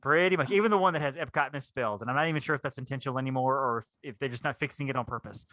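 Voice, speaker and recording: A man's voice: mid-range voice, racing, a bit bright, no room sound. A man, co-hosting a podcast in casual, rambling chat. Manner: rambling, enthusiastic, repeats words. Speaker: podcast co-host.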